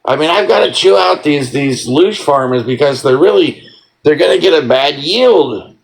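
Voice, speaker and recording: A man's voice: fairly high pitch, expressive, moderate pace, creaky, husky, poor audio. A man in a casual ranting monologue, sarcastic and profane, rambling with lots of fillers and mock-scolding.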